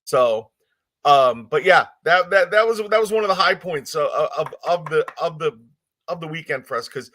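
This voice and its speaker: Man, podcast co-host, bright tense voice, slightly high, casual retelling. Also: expressive. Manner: quick retelling, reads listener comments. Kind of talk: casual storytelling chat.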